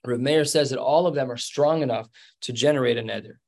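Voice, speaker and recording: A man's voice: mid-range voice, a little fast, vocal fry. A man teaching a Talmud lesson in an explanatory, conversational way, with fillers and restarts.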